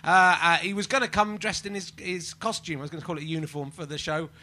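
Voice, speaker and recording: A man's voice: fairly high pitch, steady tone, quick pace. Self-mocking man hosting a live comedy podcast. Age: 40s. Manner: rambling, self-mocking, bursts into shouting. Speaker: podcast host. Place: live venue with audience.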